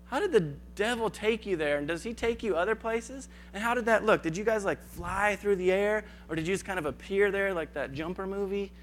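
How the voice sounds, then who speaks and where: A man's voice: high voice, brisk, hardly any pauses, a little hiss or hum. A man giving a conversational sermon, acting out biblical dialogue in casual asides. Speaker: preacher.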